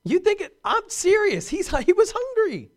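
Male preacher, very high voice, animated sermon delivery with humor. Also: moderate pace.

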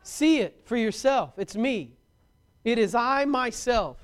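A man preaching a sermon, animated and emphatic, with touches of humor and repeated words for stress. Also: extremely high pitch, slow pace, clear, resonant tone.

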